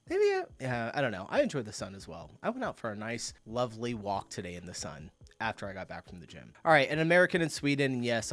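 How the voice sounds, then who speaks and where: A man's voice: mid-range voice, fairly bright tone. Chatty man reacting to clips. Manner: chatty, laughs often, bursts of disbelief. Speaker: reaction video host. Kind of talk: casual commentary reacting to clips.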